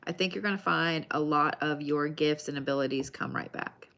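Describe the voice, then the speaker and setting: A woman's voice: low voice, moderate pace, a bit bright, slight background noise. A woman giving live card readings, talking casually and addressing viewers by name. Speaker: tarot card reader.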